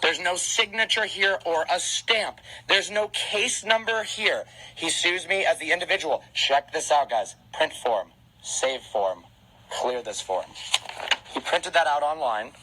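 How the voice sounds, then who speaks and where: A man in his twenties ranting on a livestream from his home, anxious and panicked, talking fast with restarts and swearing. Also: a little high, lively intonation, sharp tone, rough recording. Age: 20s. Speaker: car content creator on a livestream. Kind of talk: agitated livestream rant. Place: at home, alone.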